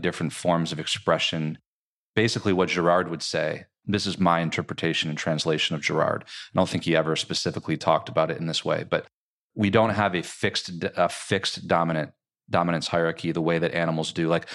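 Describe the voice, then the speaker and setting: A man's voice: low-pitched, a bit bright. A man who is an author, speaking as a podcast guest and thoughtfully explaining ideas with many filler words. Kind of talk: explanatory conversational interview.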